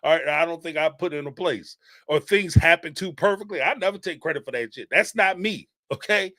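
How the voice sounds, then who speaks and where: A man's voice: fairly high pitch, fairly quick, bright, forceful tone, no room sound, clean studio sound. A man hosting a reality TV commentary show, talking bluntly, swearing freely and laughing as he mocks what others said. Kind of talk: casual commentary monologue.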